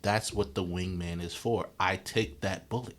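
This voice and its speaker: A man's voice: deep voice, steady tone, normal speed, fairly bright tone. A young man co-hosting a podcast, joking and bragging in slangy casual banter and acting out quotes. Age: young adult. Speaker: podcast co-host.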